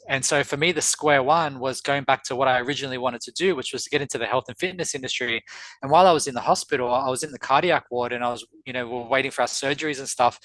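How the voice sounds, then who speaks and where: A man's voice: mid-range voice, fairly bright tone, no echo. A middle-aged man telling a personal story on a podcast, earnest and reflective, often repeating words as he recalls. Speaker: podcast guest.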